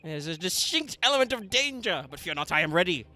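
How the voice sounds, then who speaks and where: A man's voice: high-pitched, very animated, fairly quick, pushed and bright, slight background noise, pitched above the performer's own voice, heavily acted. A man voicing a pompous male Victorian detective in a put-on British accent, reading game dialogue with theatrical flourish. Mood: grandiose. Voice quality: theatrical, declamatory.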